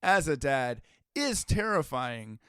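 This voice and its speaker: A man's voice: on the high side, big pitch swings, takes it slowly, bright, forceful tone, smooth, no room sound, clean studio sound. A man co-hosting a comedy podcast, chatting casually and joking, often laughing. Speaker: podcast co-host.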